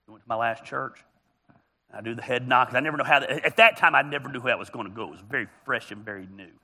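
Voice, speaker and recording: A man's voice: mid-range voice, bright, forceful tone. A man preaching a humorous, storytelling sermon as a pastor, joking and teasing his congregation. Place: church auditorium.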